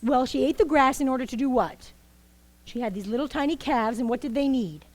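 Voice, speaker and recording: Brief: woman storyteller, high voice, animated and coaxing, live children's folktale. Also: brisk. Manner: animated, coaxing, asks the audience questions.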